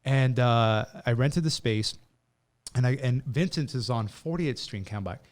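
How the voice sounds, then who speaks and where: Young male founder on a podcast, animated storyteller with a middle pitch who acts out his quotes. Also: normal speed. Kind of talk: casual storytelling interview.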